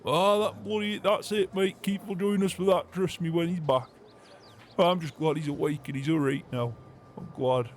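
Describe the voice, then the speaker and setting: A man's voice: mid-range voice, vocal fry. A young man, chatting in character during a game roleplay, hearty and emphatic, swearing casually. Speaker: roleplay player.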